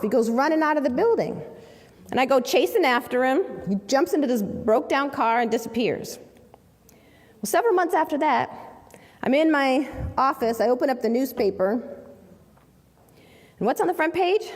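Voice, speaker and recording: A woman's voice: high-pitched, animated, moderate pace, long pauses. A woman activist and author telling a personal story to an audience, acting out the voices of the people in it. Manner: vivid storyteller, acts out quoted voices. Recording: long hall reverb.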